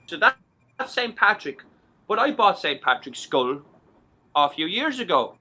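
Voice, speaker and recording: A man voicing an eager businessman in a told joke, asking pushy, excited questions. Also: high voice, fairly quick, voice pushed up, full character voice.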